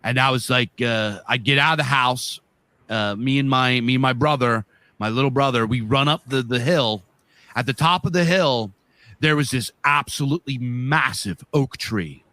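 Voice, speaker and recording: A man from the northeastern US cohosts a podcast and tells a story casually. His voice is bright and forward, and the sound is close and dry. He rambles vividly, with plenty of fillers and swearing. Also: medium pitch, moderate pace, dry recording. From northeastern US, Pennsylvania. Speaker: podcast co-host.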